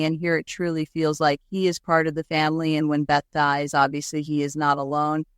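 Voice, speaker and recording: A woman's voice: low-pitched, clean tone, no room sound, clean studio sound. A woman co-hosting a podcast, talking through a film adaptation in a chatty, reflective way. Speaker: podcast co-host. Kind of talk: casual chat.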